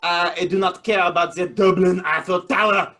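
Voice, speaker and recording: A man's voice: high voice, fairly even intonation, moderate pace, bright, forceful tone, soft background music. A man playing an improv comedy scene over a video call, mock-formal and playful. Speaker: improv player.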